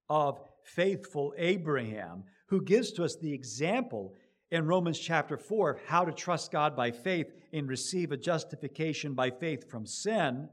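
Preaching man with a higher voice. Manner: preaching with swelling emphatic rises and quiet drops. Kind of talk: sermon.

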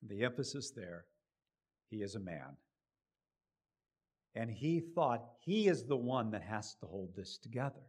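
A middle-aged man preaching a sermon, building to loud emphatic rises and then dropping low and quiet. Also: big pitch swings, unhurried, long pauses, breathy edge.

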